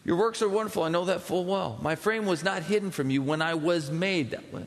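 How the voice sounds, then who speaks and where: A man in his forties preaching a sermon, telling stories in an animated way and swinging between loud excitement and hushed intensity. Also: sits high, fairly quick. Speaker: pastor. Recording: long hall reverb.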